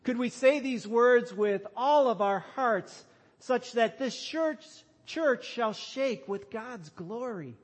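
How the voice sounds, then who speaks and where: Man, pastor, sermon, high voice, slow emphatic delivery. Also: lively intonation, husky. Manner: slow, emphatic preaching that rises to loud calls.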